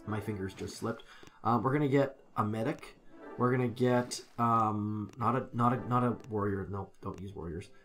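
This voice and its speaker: A man's voice: fairly low pitch, normal speed, fairly bright tone, soft background music. A man commenting casually on a live game stream, rambling and correcting himself as he talks to his chat.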